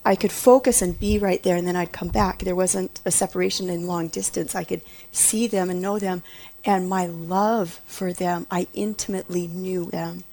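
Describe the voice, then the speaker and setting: A woman earnestly recounting a deeply personal experience, often dropping into a hushed whisper. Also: steady tone, moderate pace, a little hiss or hum. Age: adult mother. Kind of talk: personal testimony.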